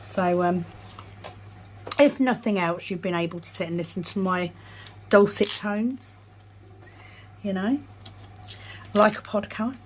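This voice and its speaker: A woman vlogging in casual chat while sorting craft supplies at home, self-deprecating, slowly murmuring numbers to herself. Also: medium pitch. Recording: noisy background hiss.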